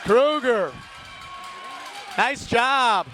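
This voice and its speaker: Male play-by-play hockey announcer, very high voice, rapid name calls, chatty asides to listeners. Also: animated, soft background music, some chatter behind. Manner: rapid-fire calls of player names, rising to shouts on big plays. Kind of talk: live play-by-play commentary.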